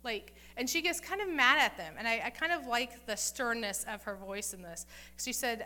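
Woman chatting thru a bible story sermon, bright higher voice, acts out the lines. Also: lively intonation, normal speed. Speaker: Bible teacher.

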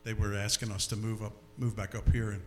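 A man giving a storytelling testimony before an audience, animated and often repeating his words. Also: lowish voice, fast talker, slight background noise. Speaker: speaker giving a personal testimony.

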